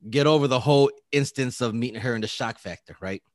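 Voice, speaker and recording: A man's voice: medium pitch, fast talker, no echo, studio quality. A man casually telling a story, acting out quotes, laughing often and swearing.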